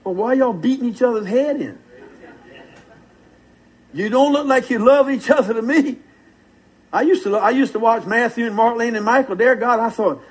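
High-voiced husky preacher. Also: male voice, expressive, moderate pace, rough recording. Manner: fervent, folksy preaching with call-and-response. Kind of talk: sermon.

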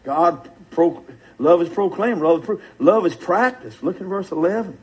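A man's voice: sits high, lively intonation, moderate pace, breathy edge, low-quality recording. An older man preaching a sermon in a fervent, folksy way, calling out to the congregation.

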